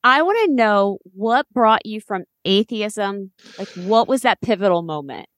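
A woman's voice: medium pitch, lively intonation, measured pace, a bit bright. A woman interviewing a guest and asking short, curious questions.

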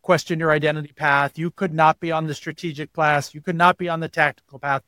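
A man's voice: on the high side, flat delivery, fast talker, sharp tone, clear, resonant tone, dry recording. A man as an interview guest, explaining at length and acting out quoted voices as he tells stories. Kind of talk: podcast interview.

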